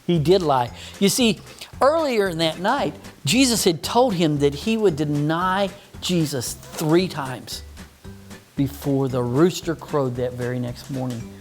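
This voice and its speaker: A man's voice: a little high, unhurried, soft background music. A man teaching children a Bible story, patient and mock-stern with a puppet that keeps interrupting.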